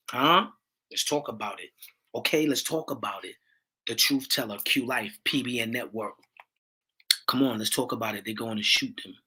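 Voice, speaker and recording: A man hosting his own livestream, talking with passion in a preachy way, repeating catchphrases and rising to near-shouts. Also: mid-range voice, slightly rough. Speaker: livestream host. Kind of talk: impassioned livestream talk.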